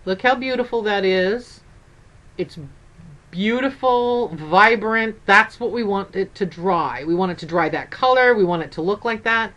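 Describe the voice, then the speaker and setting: A woman's voice: mid-range voice, a little slow, fairly bright tone, lo-fi sound. An older woman and grandmother chatting casually in a craft vlog, upbeat and rambling. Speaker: craft vlogger.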